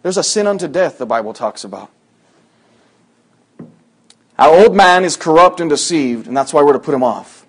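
A man preaching a conversational sermon to a congregation, acting out quoted voices in sudden loud bursts. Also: fairly high pitch, lively intonation, moderate pace, long pauses, husky.

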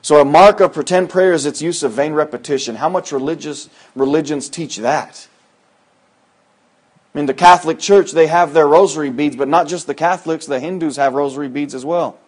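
Man preaching with big swings in loudness. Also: a little fast. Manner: swings between loud preaching and low, quiet asides. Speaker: pastor. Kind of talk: sermon.

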